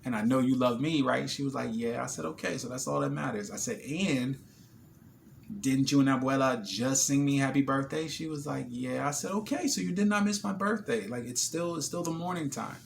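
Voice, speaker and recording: A man's voice: medium pitch, a little fast, gravelly, slight background noise. A man vlogging casually, telling a personal story with lots of slang, restarts and quoted dialogue.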